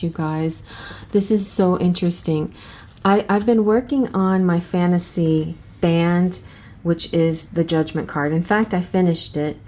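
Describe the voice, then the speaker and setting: A woman hosting a casual flip-through review of an oracle deck, chatty and excitable, thinking aloud and restarting her sentences. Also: on the low side. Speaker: tarot channel host.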